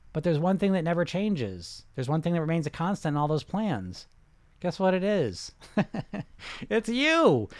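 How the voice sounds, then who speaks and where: This middle-aged man, a weight-loss coach, fields questions in a laid-back live session, pushing hard like a salesman and frequently starting his sentences over as he rambles. His voice is fairly high with a darkish tone, recorded with no room sound.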